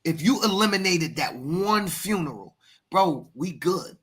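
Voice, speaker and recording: Bright-voiced fired-up American football coach. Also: male voice, sits high, animated, a little slow. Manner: emphatic, preachy, repeats words and addresses co-host by name. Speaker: youth football coach and podcast host. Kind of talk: passionate podcast talk.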